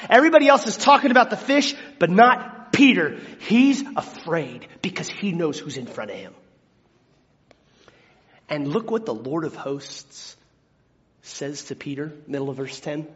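A man preaching a sermon, animated, acting out biblical quotes with big swings from hushed tones to shouting. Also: high-pitched. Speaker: pastor. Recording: dull sound with long hall reverb.

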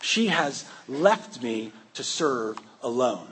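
A man's voice: mid-range voice, sing-song, slow pace, a bit bright, a little hiss or hum, full character voice. A man voicing Martha, a flustered, overworked woman hostess who complains in an exasperated, pleading way. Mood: indignant.

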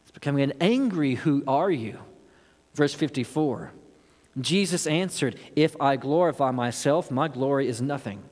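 A man's voice: medium pitch, normal speed, a little mellow. A man preaching a sermon on a Bible passage, asking rhetorical questions and voicing the people in the text. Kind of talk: expository sermon. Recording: long hall reverb.

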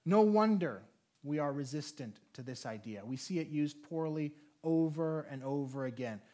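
A man preaching a sermon as a pastor, earnest and measured, slowing down to lean on key phrases. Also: fairly high pitch, lively intonation, warm tone.

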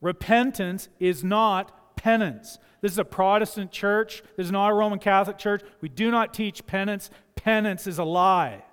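A male pastor preaching a sermon in a church, emphatic, moving from quiet asides to loud passages and acting out the voices he quotes. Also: sits high, steady tone, moderate pace, hardly any pauses, clean tone, long reverb tail. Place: church sanctuary.

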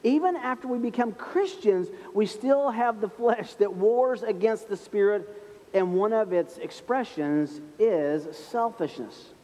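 A man preaching a sermon as pastor, telling a story in a humorous, self-mocking way and slowing down softly on key points. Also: sits high, animated, long reverb tail. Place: church sanctuary.

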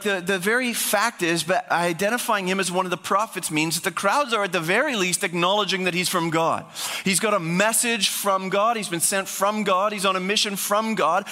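A man's voice: high voice, bright, forceful tone, big-room sound. A man preaching a sermon as pastor, speaking in a conversational, emphatic way.

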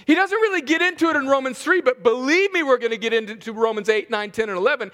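A man preaching an expository sermon as a pastor, slowing down to stress key words and chuckling between points. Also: very high-pitched, pushed and bright. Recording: long reverb of a large hall.

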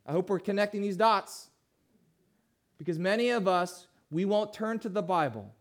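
A pastor preaching a sermon in a high-pitched male voice. He poses questions to his listeners and moves between quiet, drawn-in passages and louder, emphatic ones. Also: expressive, normal speed. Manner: asks the congregation questions, swings from hushed to emphatic.

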